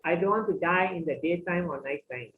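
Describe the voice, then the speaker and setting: A man's voice: high voice, brisk, phone-quality sound, slight background noise, natural voice. A man doing a scheming demon king making demands. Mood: demanding. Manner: demanding, listing conditions. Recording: echoey room.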